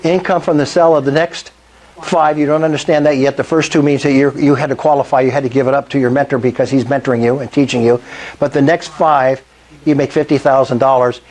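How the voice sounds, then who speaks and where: An older man with a mid-range, slightly mellow voice delivers an enthusiastic sales presentation at a meetup. Speaking to a live group, he frequently throws questions out to the audience.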